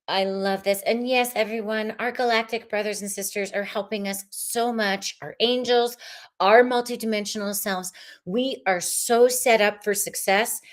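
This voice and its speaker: A woman hosting a live tarot reading stream, chatting casually and effusively with viewers as she pulls cards. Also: medium pitch.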